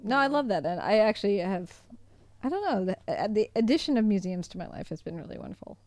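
Young woman podcast co-host, from the US, laughs easily, warm mellow voice. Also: medium pitch, animated, fast, no echo. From United States. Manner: giggly, self-deprecating. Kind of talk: casual chat.

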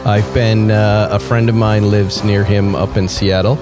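A man's voice: fairly low pitch, little pitch movement, measured pace, over music. A man hosting a radio car show, chatting casually and joking his way through a read ad. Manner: jokey, riffs on ad copy.

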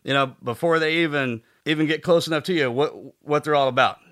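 Male host, fast and bright, rambling reflective talker who laughs often. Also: fairly high pitch. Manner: rambling, laughs between thoughts. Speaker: podcast host. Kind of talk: casual reflective chat.

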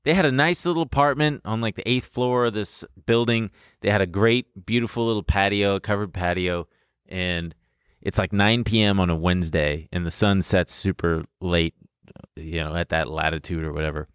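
A young man casually telling a story in an animated way, laughing and swearing as he goes. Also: low-pitched, normal speed, clear, resonant tone, dry recording, clean studio sound.

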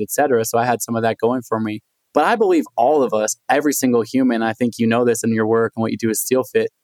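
A man's voice: medium pitch, no echo. A man, telling a personal story as the guest of a podcast interview. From United States. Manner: animated storyteller, acts out quoted voices. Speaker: guest, endurance athlete and author.

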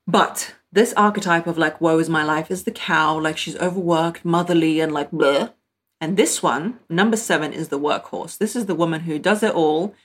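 A pregnant woman hosting relationship advice in a breezy, direct way, acting out playful little quotes as she talks. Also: low-pitched. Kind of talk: casual advice talk.

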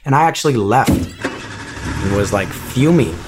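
A man being interviewed, recounting a personal story in a halting, reflective way with many restarts. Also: on the low side, very animated, heavy background noise.

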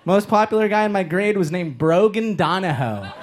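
A man from Los Angeles doing a stand-up comedy set on a stage mic, with a punchy delivery that swings into loud shouted bits. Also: sits high, expressive, normal speed, noisy background. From Los Angeles, Inglewood. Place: comedy stage before a live audience. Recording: live stage mic, crowd laughter.

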